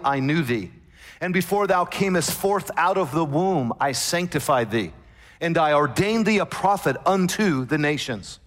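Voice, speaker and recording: A man preaching a sermon, emphatic, slowing down to stress scripture quotations. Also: on the high side, a bit bright. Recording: long hall reverb.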